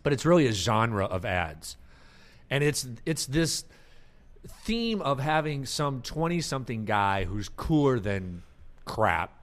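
Male podcast host, casual and expressive, lively pitch. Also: slow. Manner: animated, acts out ad characters with laughter. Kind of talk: casual chat.

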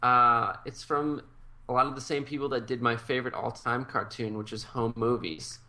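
Bright-voiced man in casual chat. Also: mid-range voice, steady tone, normal speed. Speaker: podcast co-host.

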